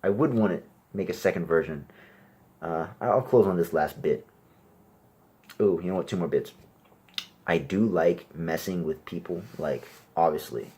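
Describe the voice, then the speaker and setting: A young man performing a crude stand-up comedy set, brash, and loudly acting out little exchanges. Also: sits low, moderate pace, pauses often, breathy edge. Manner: crude, brash, acts out exchanges in raised voices.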